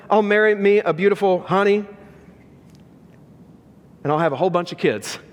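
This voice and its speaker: A man's voice: high voice, close to an everyday voice. A man voicing a hurt teenage boy who hides his pain behind defiant bravado. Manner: defiant, mocking, rising and pleading. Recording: long reverb of a large church hall.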